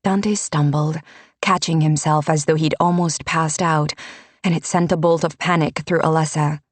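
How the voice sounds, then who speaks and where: A woman narrating a fantasy audiobook in a measured, unhurried storytelling manner. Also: deep voice, fairly even intonation, no room sound.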